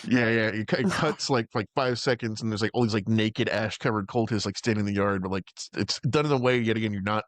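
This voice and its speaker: A man's voice: lowish voice, quick pace, few pauses, no echo. A man co-hosting a casual podcast, recapping a horror film in a rambling, filler-heavy, profane way. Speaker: podcast co-host. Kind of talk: casual movie recap chat.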